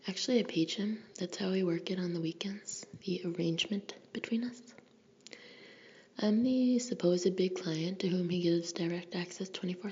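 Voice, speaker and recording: A woman's voice: medium pitch, darkish tone. Whispering woman reading a novel. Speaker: audiobook narrator. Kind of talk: whispered audiobook narration. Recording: dull lo-fi recording with faint hiss.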